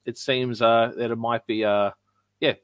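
A man's voice: medium pitch, flat delivery, unhurried, clean tone, no room sound. Chatty male podcast host, dry sound. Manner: chatty, laughs often, reads viewer comments aloud. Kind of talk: casual live-stream chat.

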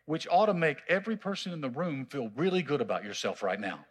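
A male pastor delivering a sermon in a church, his voice sitting high and swinging widely in pitch. He preaches emphatically, stretching out words and repeating them for weight. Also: lively intonation. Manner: emphatic, drawn-out preaching with repetition. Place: church sanctuary.

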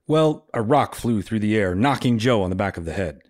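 Male reader, steady story narration, dry close sound. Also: fairly low pitch, normal speed, hardly any pauses, no echo. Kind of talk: reading a story aloud.

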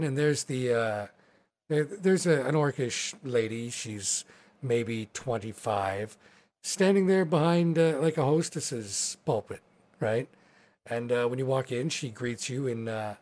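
A man narrating a tabletop game as its game master, rambling and relaxed. His voice is mid-pitched, and his talk is casual and full of fillers. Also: a little slow.

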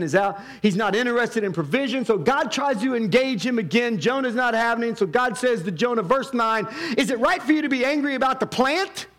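A pastor preaching a sermon, acting out the voices of God and Jonah and swinging between shouted lines and hushed ones. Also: male voice, sits high.

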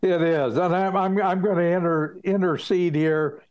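A man's voice: high-pitched, fairly even intonation, normal speed, darkish tone, clear, resonant tone. A man hosting an interview, stepping in to introduce a new guest. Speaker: host. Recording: dull lo-fi line.

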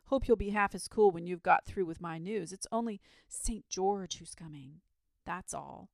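A woman reading a storybook aloud, voicing an excitable young boy who talks in a breathless, urgent rush. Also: fairly low pitch, normal speed, creaky, no room sound, clean studio sound. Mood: eager. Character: eager excitable young boy, dragon's friend.

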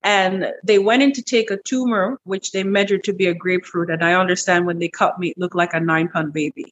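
A middle-aged woman guest in an interview, telling a personal story in a lively, animated way, repeating words as she goes. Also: brisk, muffled recording. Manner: animated, breaks into high quoted voices, repeats words. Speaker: interview guest, wellness clinic owner.

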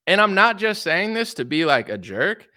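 Sarcastic, animated young man ranting. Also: high voice, moderate pace, dry recording, clean studio sound. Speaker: political commentator. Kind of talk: opinionated commentary livestream.

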